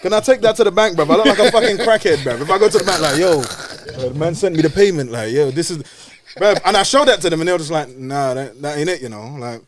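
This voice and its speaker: A man telling a story in casual podcast chat, animated and full of slang and swearing. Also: a little high, fast.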